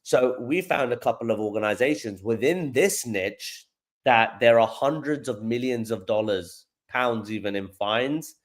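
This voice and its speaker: Guesting on a podcast interview, a man from London who founded an AI company speaks in an expressive, unhurried, medium-pitched voice. He explains at length, using examples and often repeating words.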